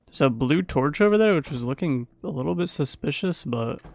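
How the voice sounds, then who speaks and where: A man's voice: a little high, expressive, fairly quick, gravelly, no echo. A man giving a casual, playful play-by-play voice-over of his own gameplay as a gaming YouTuber.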